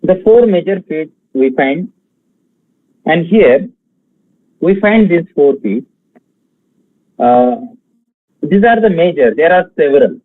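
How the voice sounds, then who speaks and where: A man from India giving an online exam-prep lecture, talking slowly with many fillers and pausing to count out syllables and stresses. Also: on the high side, animated, no echo, phone-quality sound. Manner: slow, halting delivery with many fillers, counting out feet and stresses.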